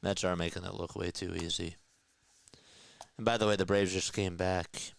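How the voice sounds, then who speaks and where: A man's voice: sits low, flat delivery, moderate pace, vocal fry. A man calling baseball play-by-play on his own live stream, talking back to his chat, audibly frustrated. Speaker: play-by-play caller.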